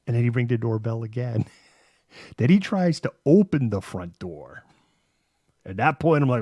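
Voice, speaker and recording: A man hosts a live stream and tells long, rambling stories peppered with swearing. His voice is low and mellow. It sounds dry and close to the microphone. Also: moderate pace, no echo. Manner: rambling, profane storytelling. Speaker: host. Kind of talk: live-stream casual chat.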